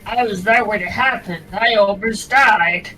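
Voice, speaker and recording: A woman voicing a tired male reporter in a game with slow, dry, deadpan delivery, a bit away from the mic with music behind. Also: medium pitch, distant mic, low-quality recording.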